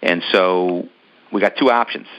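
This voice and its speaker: A man's voice: deep voice, fairly even intonation, a little slow, a bit bright, muffled recording. A man casually telling a long personal story in an interview, rambling with many ums and restarts. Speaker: business owner telling his story.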